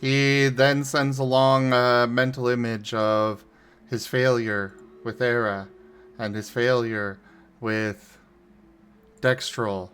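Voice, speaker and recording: A man's voice: medium pitch, little pitch movement, fairly bright tone, clean tone. A man in a tabletop game describing his character's actions in short, terse third-person lines. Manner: slow, terse. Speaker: player.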